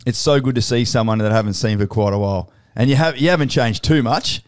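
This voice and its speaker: A man's voice: mid-range voice, quick pace, slight background noise. A middle-aged Australian man hosting a podcast interview, chatty and laughing often, swearing freely. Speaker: podcast host.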